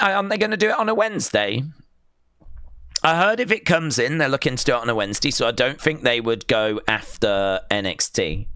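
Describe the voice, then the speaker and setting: A man hosting a live wrestling watch-along stream, reading out chat messages and reacting with excitable bursts of cheering. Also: fairly high pitch, smooth, no echo, clean studio sound.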